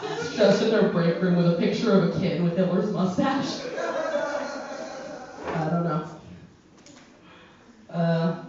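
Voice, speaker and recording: A woman's voice: lowish voice, background noise. A brash, profane woman working a stand-up set, joking darkly about herself. Her voice comes from a distance through a dull, very roomy club recording, with an audience audible around her. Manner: brash, profane, self-deprecating dark humor. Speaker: stand-up comedian. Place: comedy club with a live audience.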